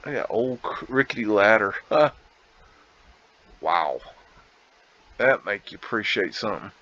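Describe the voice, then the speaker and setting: Slow rambling guy musing over photos, kinda muffled lo-fi audio. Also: lowish voice, lively intonation, sharp tone. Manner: rambling, musing aloud with laughs. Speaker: vlog host. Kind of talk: casual photo commentary.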